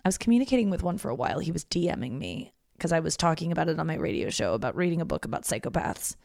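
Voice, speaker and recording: A woman's voice: low voice, very animated, rapid-fire, vocal fry, a little mellow, dry recording, studio quality. A woman hosting her podcast, talking alone in a loose, candid, yawning ramble with plenty of swearing. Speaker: podcast host. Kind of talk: casual solo monologue.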